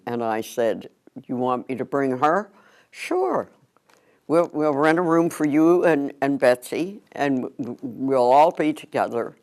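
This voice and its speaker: A man in his nineties, slowly and calmly recalling the past in an interview. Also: mid-range voice, clean tone. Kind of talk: reminiscing interview.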